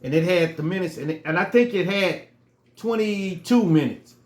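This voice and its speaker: A man's voice: a little high, quick pace, echoey room. A man telling a personal story in a casual, earnest way, repeating phrases for emphasis. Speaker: storyteller vlogger.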